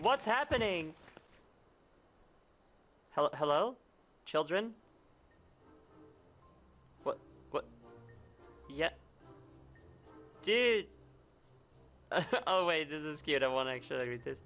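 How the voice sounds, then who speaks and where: A man's voice: medium pitch, animated, a little slow, long pauses, fairly bright tone, faint music behind. A man streaming a video game, chatting jokily and profanely over the story. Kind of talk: casual gameplay commentary.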